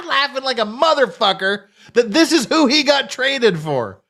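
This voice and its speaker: A man's voice: extremely high pitch, expressive, normal speed, gravelly, few pauses, pushed and bright. A man hosting a commentary show, ranting in a profane, sarcastic, scornful way. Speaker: host.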